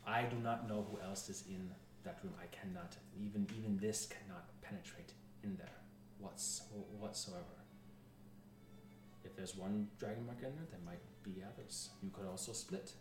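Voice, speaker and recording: A man voicing a prim old male spirit advisor in a French accent, speaking slowly and formally in an echoey, noisy room. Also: lowish voice, recorded from a distance, over music, lightly acted. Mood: measured. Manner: slow, measured and formal.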